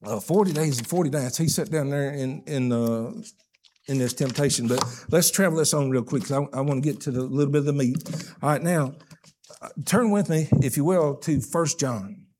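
An older man preaching a sermon as pastor, folksy and emphatic, swinging between loud stressed phrases and hushed asides. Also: mid-range voice, normal speed, slight background noise.

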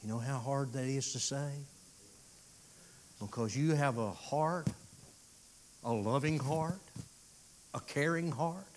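A man preaching a sermon, swinging from loud pleading to hushed, drawn-out phrases. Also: mid-range voice, slight background noise.

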